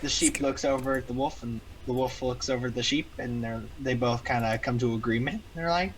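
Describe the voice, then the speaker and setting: A man's voice: mid-range voice, fairly quick, few pauses, slight background noise, poor audio. A man improvising a silly story while gaming, rambling and repeating words. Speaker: gamer telling a story. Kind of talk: improvised storytelling on a game stream.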